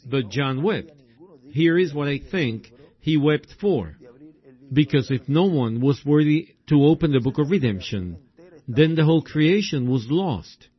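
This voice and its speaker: A man preaching a sermon in a slow, drawn-out way, breaking into exclamations. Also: a little high, expressive, slightly rough. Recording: dull lo-fi recording.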